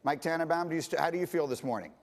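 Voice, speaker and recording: A man's voice: on the high side, rapid-fire. Man moderating a sports panel. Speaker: TV show host.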